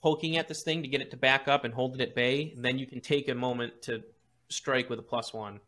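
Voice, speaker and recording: A man's voice: mid-range voice, fairly even intonation, a little fast, fairly bright tone. A man narrating as game master of a tabletop game, explaining rules with frequent restarts.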